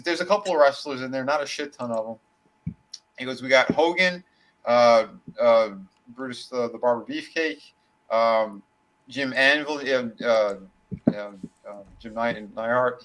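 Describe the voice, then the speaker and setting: Man, podcast co-host, mid pitch, rambling anecdote, casual swearing, lots of fillers. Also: unhurried, fairly bright tone, poor audio. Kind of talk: casual storytelling.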